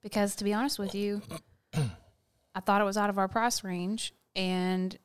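Animated female co-host, mid-pitched, teasing. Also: smooth. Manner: animated, teasing, talks fast when excited. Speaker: podcast co-host. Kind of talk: casual chat.

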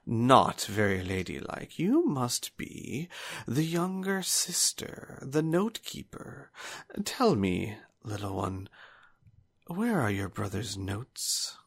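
A man voicing a menacing older male swordsman who talks in a slow, soft, condescending drawl. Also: mid-range voice, big pitch swings, vocal fry, slightly rough, full character voice. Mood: mocking.

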